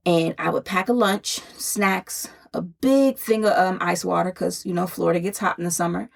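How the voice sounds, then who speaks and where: Breathless woman, thirties, lowish pitch, gravelly, candid podcast host telling her story. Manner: candid, conversational, laughing now and then. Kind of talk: personal storytelling.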